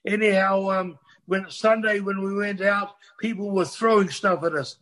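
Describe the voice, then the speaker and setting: A man's voice: high voice, fairly even intonation, normal speed, fairly bright tone. An older man, telling a rambling, profane story as a guest on a casual chat. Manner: rambling, restarts, swears freely.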